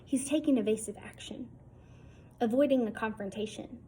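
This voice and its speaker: A blunt, firm old grandfather speaks up for his grandson in a storybook reading, as a woman puts him on. The voice is mellow and dark-toned, with faint noise behind it. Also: fairly high pitch, moderate pace, close to an everyday voice. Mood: impatient. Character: gruff, protective old grandfather.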